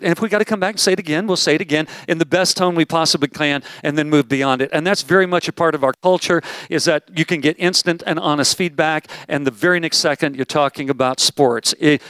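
A man's voice: on the high side, fairly bright tone, smooth, no echo. A man speaking as a pastor at a conference, emphatic and repeating his key phrases, taking questions from the room. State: out of breath. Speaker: pastor leading a conference session. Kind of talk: conference talk with Q&A. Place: large room with audience.

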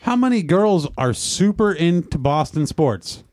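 A man's voice: on the high side, sing-song, unhurried, darkish tone. A man co-hosting a podcast, joking about dating-profile clichés in casual banter.

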